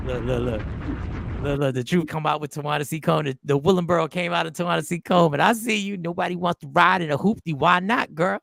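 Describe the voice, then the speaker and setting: A man's voice: high voice, a little fast, creaky, over music. A man hosting a show, joking and reacting to comments in casual comedic talk. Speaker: podcast host.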